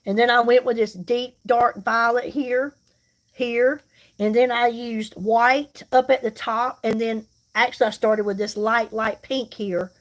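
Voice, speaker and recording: A woman, chatting casually with viewers while she does her makeup on a livestream, folksy and reassuring. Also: a little high. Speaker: makeup livestream host and seller. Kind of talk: casual live chat while doing makeup.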